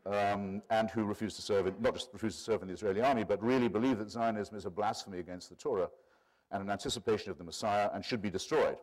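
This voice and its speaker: An English man in his sixties delivering a formal lecture with his voice sitting on the low side. He speaks in a measured, erudite way. He drifts into wry asides before returning to his point. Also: darkish tone. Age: 60s. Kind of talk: public lecture.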